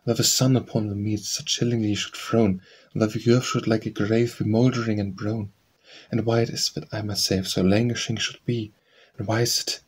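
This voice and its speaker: A man reading poems aloud as an audiobook narrator, in a slow, measured recitation with a husky voice. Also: lowish voice. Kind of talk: scripted poetry reading.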